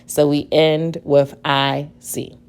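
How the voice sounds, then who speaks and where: A woman teacher giving a spelling dictation lesson, speaking deliberately, repeating each word and spelling it out letter by letter. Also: sits low, level tone, darkish tone, slight background noise.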